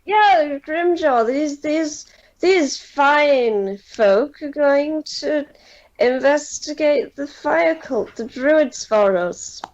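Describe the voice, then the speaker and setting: A drunk sailor rambles in a high, drawn-out voice, put on by a woman running a tabletop game. He slurs and drags his words slowly. The recording is muffled and lo-fi. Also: lively intonation, full character voice. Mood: eager. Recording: dull lo-fi sound.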